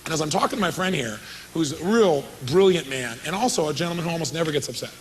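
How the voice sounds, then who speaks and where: A man's voice: on the high side, expressive, fast, a little hiss or hum, poor audio. A man giving a live motivational seminar, telling a story with energy and quizzing his audience. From California. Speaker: motivational speaker.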